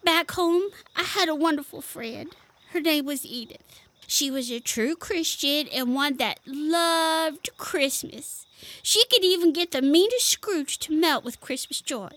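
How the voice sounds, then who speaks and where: A woman's voice: sits high, animated, fairly bright tone. A woman voicing a mother chipmunk who speaks firmly but is weary and downhearted. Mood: sad. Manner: firm, then tearful and halting.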